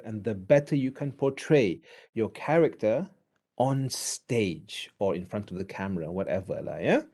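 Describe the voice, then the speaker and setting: A man with a Malaysian accent giving a drama lecture, switching between English and Malay and acting out examples as he teaches. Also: a little high. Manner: animated, mixes English with Malay; acts out examples while teaching.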